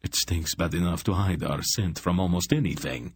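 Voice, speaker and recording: A man voicing a quick-witted thief, talking quickly and urgently. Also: low voice, husky, no room sound. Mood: wry. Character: quick-witted male thief, wry and edgy.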